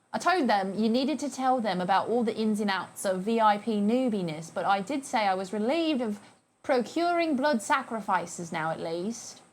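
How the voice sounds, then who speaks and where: A young woman streaming live, chatting casually and playfully with her viewers and thanking them by name. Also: fairly high pitch.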